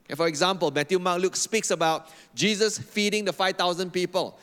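A man's voice: high voice, fairly even intonation, brisk, a bit bright. A man preaching a sermon as a pastor, emphatic and repeating phrases for effect, leading the congregation in reading aloud together. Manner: leads the congregation in call-and-response reading. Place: church hall. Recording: long hall reverb.

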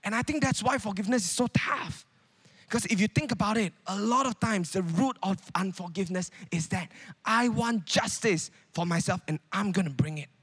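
A man's voice: high voice, normal speed, a bit bright, breathy edge. A man preaching a sermon in a conversational way, with many rhetorical questions.

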